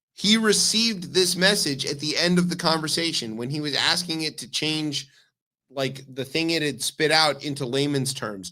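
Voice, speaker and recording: A man co-hosting a comedic news radio chat, his voice bright and forward and sitting a little high. He tells stories with animated asides and quick jokes. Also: rough recording. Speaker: radio co-host.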